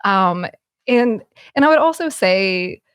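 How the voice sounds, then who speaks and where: A woman talking casually as a podcast guest, animated, with many fillers and restarts. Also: medium pitch, slow, clean tone, no room sound, studio quality. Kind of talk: casual conversation.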